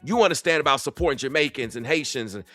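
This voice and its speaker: A man's voice: mid-range voice, quick pace, sharp tone, dry recording, faint music behind. A man with a Southern US accent giving heated, repetitive reaction commentary as a content creator. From Southern United States. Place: Atlanta.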